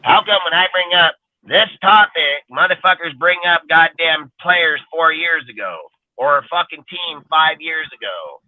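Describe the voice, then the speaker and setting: A man's voice: on the high side, expressive, unhurried. A blunt man rants in a casual, profane way, dropping "dude" and "like" all through his talk. His voice comes through thin and phone-like, with a dry sound and no room echo. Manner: blunt, heavy swearing, repeats "dude" and "like". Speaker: podcast co-host.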